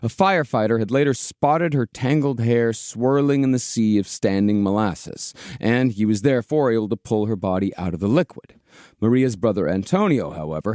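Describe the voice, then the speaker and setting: A man hosting a comedic history podcast, telling the story in a steady way with casual swearing. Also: lowish voice, dry recording, studio quality. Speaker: podcast host, narrator.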